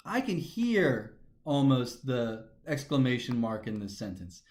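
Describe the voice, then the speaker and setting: A man's voice: mid-range voice, very animated, a little slow, darkish tone. A man teaching a grammar lesson, methodically talking through each step aloud. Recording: echoey room.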